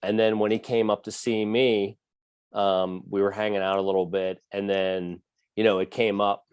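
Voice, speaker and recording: A man co-hosting a podcast, telling a personal story in a halting, casual way with many fillers. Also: lowish voice, flat delivery, darkish tone, clear, resonant tone, dry recording. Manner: halting, filler-heavy, fatherly. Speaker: podcast co-host.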